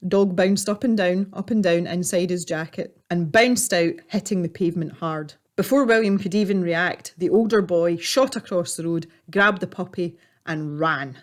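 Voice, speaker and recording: Woman narrator, lower voice, calm measured storybook read. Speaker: artist and storyteller. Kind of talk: storybook narration while painting.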